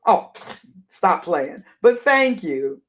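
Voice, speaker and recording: A middle-aged woman with a deep alto voice, hoarse and worn, rambling through casual live-stream commentary and greeting viewers by name. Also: big pitch swings, slow pace. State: hoarse, voice wearing out.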